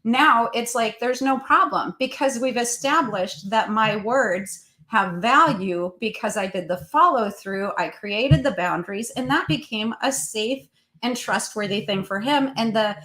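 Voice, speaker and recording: A woman's voice: a little high, measured pace, sharp tone, poor audio. Earnest storytelling mother. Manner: storytelling, earnest, frequent ums. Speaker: co-host, parent. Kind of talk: casual parenting talk.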